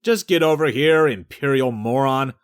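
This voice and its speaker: A man reading an audiobook, voicing an impatient male militia corporal who shouts in a higher voice. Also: expressive, unhurried. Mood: yelling.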